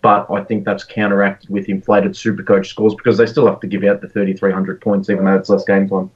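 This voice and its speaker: A man co-hosting a podcast in casual chat, relaxed with lots of ums and restarts. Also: fairly low pitch, fairly quick, slightly rough. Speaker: podcast co-host. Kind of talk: casual fantasy sports chat. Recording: distant, dull-sounding mic.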